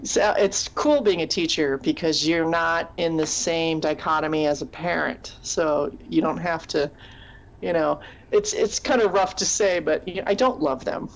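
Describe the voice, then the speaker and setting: A woman's voice: low-pitched, normal speed. A woman co-hosting a casual live chat show, a teacher who rambles through stories and laughs often. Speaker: podcast co-host.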